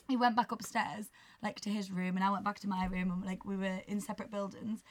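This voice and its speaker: A young woman telling a story on a podcast, animated and swearing, often breaking into laughter. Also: a little high, moderate pace. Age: young adult. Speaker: podcast co-host. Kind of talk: casual chat, storytelling.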